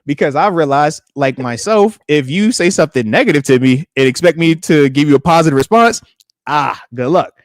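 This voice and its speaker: A man's voice: a little high, a little fast, dry recording, clean studio sound. A man hosting a podcast, chatting casually and acting out quotes in slangy banter. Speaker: podcast host, retired linebacker. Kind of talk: casual chat.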